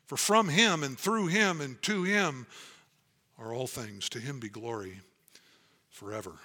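A man's voice: mid-range voice, unhurried, pushed and bright. A man preaching a sermon as pastor, earnest and emphatic as he reads and explains scripture.

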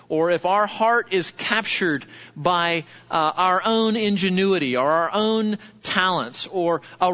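Male pastor, sermon, animated and chatty, somewhat muffled lo-fi recording. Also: high-pitched. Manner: lively, conversational, asks the congregation questions.

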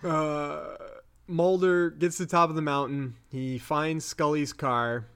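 Slow, rambling young man recapping an episode. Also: a little high, steady tone, a bit bright, clear, resonant tone. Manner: rambling, unsure, with many fillers. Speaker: podcast co-host.

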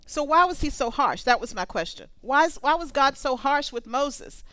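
A woman preaching a sermon, conversational and animated, reading scripture aloud between comments. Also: high voice, normal speed, dry recording.

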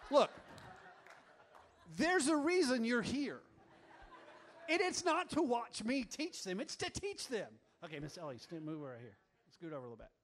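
A man leading a church congregation, teaching them a song with upbeat, coaxing and teasing remarks. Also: high voice. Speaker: worship leader. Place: church room with an audience.

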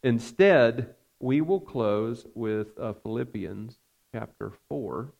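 Gravelly-voiced man preaching a sermon. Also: medium pitch, lively intonation, darkish tone, dull audio. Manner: earnest, measured preaching with frequent fillers. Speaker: pastor.

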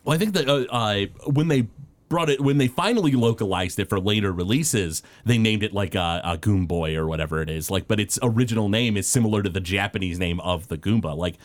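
A man's voice: lowish voice, brisk. A man co-hosting a casual podcast chat, talking in loose rambling sentences full of fillers and restarts. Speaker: podcast co-host.

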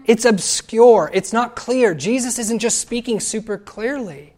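A man giving a sermon, lively and conversational, acting out quoted voices and asking the listeners questions. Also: sits high, normal speed. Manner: animated, acts out quoted voices. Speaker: pastor.

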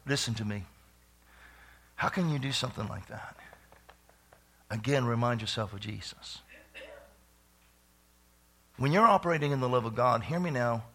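A man preaching a sermon, animated, with frequent repeated phrases, dropping to soft asides and building up to shouts. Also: medium pitch, slightly rough. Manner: laughs often, repeats phrases. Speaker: pastor.

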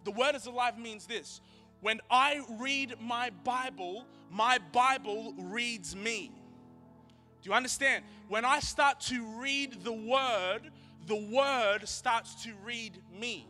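A young man giving an energetic, chatty youth sermon as pastor, repeating key lines for emphasis. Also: very high voice, takes it slowly, soft background music.

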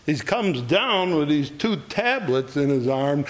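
A man teaching an adult Bible class, who builds to loud, repeated exclamations and chuckles between points. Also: a little high, sing-song, slow, hardly any pauses.

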